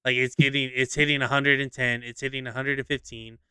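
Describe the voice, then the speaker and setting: A young man chatting casually on a podcast, animated and quick to slip into voices when retelling a skit. His voice is bright and crisp. The recording is dry and close. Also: medium pitch, dry recording. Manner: animated storyteller, acts out skits with voices. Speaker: podcast co-host. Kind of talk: casual chat.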